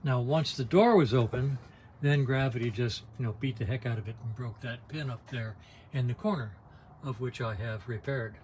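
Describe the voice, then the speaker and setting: A man's voice: mid-range voice, normal speed, a little mellow, slight background noise. An older man talking casually to his camera inside an RV, folksy and digressive, with wry asides and frequent restarts. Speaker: vlogger on an RV trip. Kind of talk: casual rambling vlog. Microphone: handheld camera.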